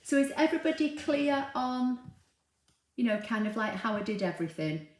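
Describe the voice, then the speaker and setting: A woman's voice: fairly high pitch, moderate pace. Chatty woman, roomy room sound. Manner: chatty, relaxed, with frequent ums and laughs. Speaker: craft livestream host. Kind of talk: casual live chat, reading viewer comments aloud. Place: home room with a dog nearby. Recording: roomy, echoey home recording.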